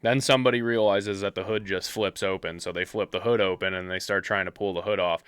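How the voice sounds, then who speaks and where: A man's voice: low-pitched, fairly quick, smooth, no room sound. Blunt, profane young man co-hosting a podcast. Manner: blunt, profane, animated storyteller. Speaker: podcast co-host. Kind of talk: casual sports chat.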